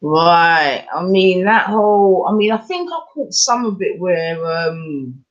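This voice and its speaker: A man's voice: high-pitched, big pitch swings, takes it slowly, a bit bright, muffled recording. Man musing aloud. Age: adult with children. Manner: musing aloud, keeps checking the listener follows. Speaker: podcast co-host. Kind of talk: casual chat.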